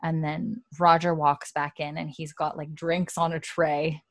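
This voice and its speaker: A young woman with a low voice runs through a TV episode in a loose, chatty recap, leaning hard on "like" and slipping into the characters' lines as she goes. The sound is close and dry, with no room to it. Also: flat delivery, unhurried, dry recording. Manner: chatty, heavy on "like" fillers, acts out the characters' lines. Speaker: podcast host.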